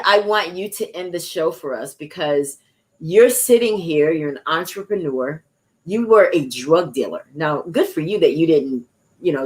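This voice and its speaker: Woman, talk show host, lower voice, emphatic, declaring, encouraging. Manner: declaring, encouraging, laughing asides. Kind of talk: emphatic, preachy chat.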